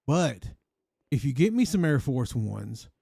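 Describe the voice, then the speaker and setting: A man in an online role-play game telling a rambling, deadpan shaggy-dog story in character, repeating the same phrase again and again. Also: medium pitch, unhurried, creaky, dry recording, studio quality.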